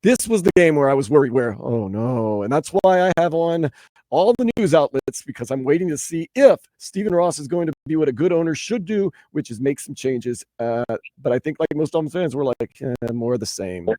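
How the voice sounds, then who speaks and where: A man's voice: fairly high pitch, animated, a little fast, mellow, dry recording. A man from New Orleans hosting a call-in sports radio show, swinging between weary and fired up.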